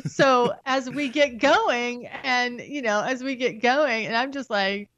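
A woman's voice: on the high side, a bit bright, no echo, dull audio. Frank, profane woman telling candid stories. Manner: frank, profane, storytelling with halting restarts. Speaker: podcast guest. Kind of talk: candid casual chat.

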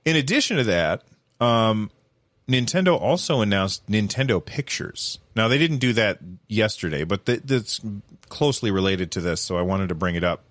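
A man giving casual, animated commentary, rambling with lots of fillers and restarts. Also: fairly low pitch, moderate pace, dry recording.

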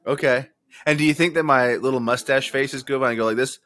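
A man co-hosting a podcast, riffing with animated, mock-outraged comic bits. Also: mid-range voice, fast. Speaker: podcast co-host. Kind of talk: casual comedic chat.

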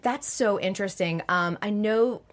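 A woman's voice: mid-range voice, moderate pace. A woman hosting a casual interview, chatty and laughing along with her guest. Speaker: podcast host.

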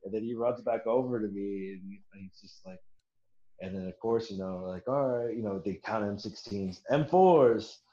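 A man's voice: lowish voice, normal speed, mellow. A man casually telling a military story, swearing often, laughing, and acting out the people he quotes. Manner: profane, laughing, acts out quoted voices. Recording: roomy, dull lo-fi sound.

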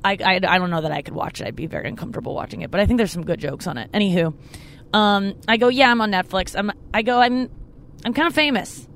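A woman's voice: racing, slight background noise. Chatty woman telling a rambling story. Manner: rambling, self-mocking, jumps up high when quoting people. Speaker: podcast host and comedian. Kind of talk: casual storytelling chat. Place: car.

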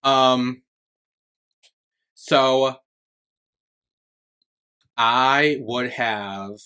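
A man's voice: medium pitch, extremely slow, sharp tone, smooth. A man co-hosting a casual podcast over a remote call, spinning a rambling story full of fillers and swearing. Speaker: podcast co-host. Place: remote call from separate homes.

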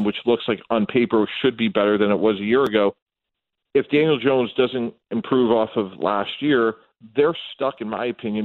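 A man speaking as a football analyst guest on a radio show, in a measured, analytical way. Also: lowish voice, dry recording. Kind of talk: sports radio talk. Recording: tinny phone-line sound.

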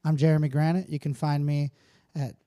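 A man's voice: a little high, little pitch movement, fairly quick, warm tone, no echo, clean studio sound. Profane, laid-back podcast co-host man. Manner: profane, joking, speaks in a motivational tone when wrapping up. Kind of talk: casual podcast chat.

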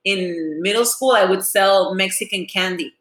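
A woman's voice: mid-range voice, moderate pace, a bit bright. A woman in her late thirties, a TV host and actress, chatting casually as a guest and mixing Spanish into her English. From San Diego, US. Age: late 30s. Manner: chatty, mixes Spanish into English, says "like" often. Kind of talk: casual chat. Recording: roomy echo.

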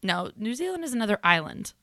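A woman co-hosting a comedy podcast in casual chat, playful and quick with quips. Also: mid-range voice, big pitch swings, vocal fry, fairly bright tone, no room sound, studio quality. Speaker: podcast co-host.

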